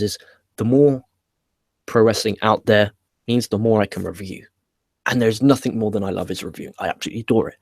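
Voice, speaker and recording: A low-pitched man hosts a casual live stream from home, rambling through viewer questions with frequent restarts and loose swearing. The sound is dry and close, with no room around it. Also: darkish tone, slightly rough, dry recording. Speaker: wrestling review show host. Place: home setup with laptop.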